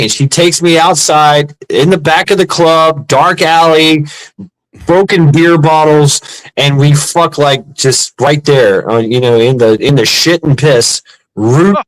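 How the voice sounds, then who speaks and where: A man's voice: on the high side, low-quality recording. A middle-aged American man telling crude, profane stories in casual chat, rambling and laughing at himself. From United States.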